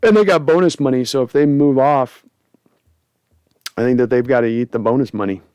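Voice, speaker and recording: A man hosting a casual sports livestream, reading out viewer comments with animated, joking chat. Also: mid-range voice, a little fast, clean tone, dry recording. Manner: animated, jokey, reads chat aloud. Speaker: host.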